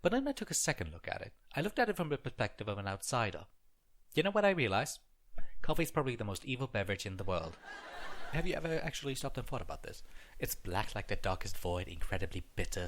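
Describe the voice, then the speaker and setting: Fast, wry young man doing stand-up. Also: fairly low pitch. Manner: wry, animated, joking. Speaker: comedian. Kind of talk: scripted stand-up comedy monologue. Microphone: headset mic.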